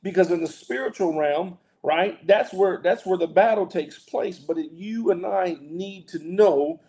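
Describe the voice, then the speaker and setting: Earnest preaching man, mellow voice. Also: sits high, a little slow. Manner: earnest, repetitive restarts, preacherly emphasis. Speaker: pastor and co-host. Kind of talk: casual Bible discussion.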